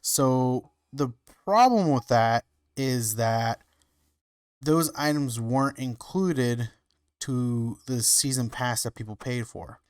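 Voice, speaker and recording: Male podcast co-host, unhurried, smooth clear voice, halting delivery, dry sound. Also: medium pitch, no room sound. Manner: hesitant, searching for words with many fillers. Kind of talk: casual chat.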